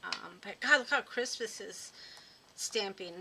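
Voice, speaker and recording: A woman's voice: mid-range voice, a little slow, gravelly, bright, forceful tone, slight background noise, poor audio. A woman hosting a card-making tutorial, chatting and thinking aloud as she works and answers viewers. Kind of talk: live craft demo chat.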